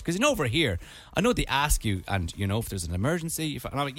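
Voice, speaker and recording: A man's voice: fairly high pitch, very animated, fairly quick, a bit bright, faint music behind. A young Irish man hosting a radio show, telling a funny travel story in casual chat and acting out voices. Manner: playful storyteller, acts out voices. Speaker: radio host.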